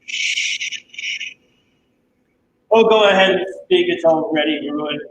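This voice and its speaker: A man's voice: on the high side, moderate pace, slight background noise. A man performing improv comedy over a video call in a playful, mock-earnest way. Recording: echoey home room.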